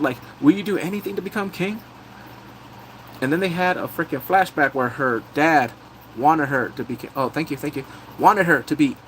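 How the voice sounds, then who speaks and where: A man's voice: medium pitch, fairly bright tone, a little hiss or hum, low-quality recording. A man live-streaming a casual drama recap, chatting loosely, thanking viewers as he goes and breaking into big squealing reactions.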